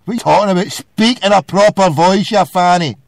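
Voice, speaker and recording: Gravelly and high, a Scottish man's slightly fast voice tears into a caller on his phone-in radio show, ranting and hurling abuse and insults. No room sound is audible.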